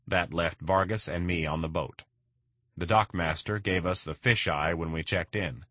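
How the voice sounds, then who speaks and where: A man narrates a first-person crime story in an even, matter-of-fact way. His voice is very low and husky, recorded close with a bone-dry sound. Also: moderate pace, no room sound. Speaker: audiobook narrator.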